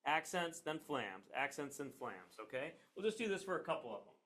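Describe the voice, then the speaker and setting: A middle-aged man teaching a percussion class in a relaxed, chatty way, with frequent fillers and "okay?" checks. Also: a little high, fairly quick. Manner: relaxed, chatty, with many fillers and tag questions. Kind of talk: classroom lesson. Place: classroom near a train line.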